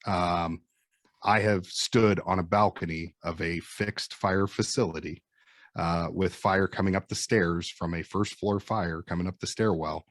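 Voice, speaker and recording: A man in his forties with a Midwestern American accent, a firefighter and instructor telling animated stories and acting out what people said. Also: low voice, measured pace, dry recording. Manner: animated storyteller acting out quotes. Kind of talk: casual storytelling chat.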